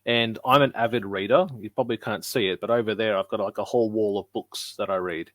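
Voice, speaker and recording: A man's voice: lowish voice, steady tone, quick pace, dry recording. Chatty man, dry close sound. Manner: chatty storyteller, acts out his wife's lines. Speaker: co-host. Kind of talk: casual podcast chat.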